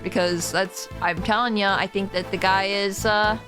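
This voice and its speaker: A woman's voice: mid-range voice, steady tone, normal speed, hardly any pauses. A woman streamer giving chatty live commentary while playing a game, laughing and talking to her chat. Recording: game music behind voice.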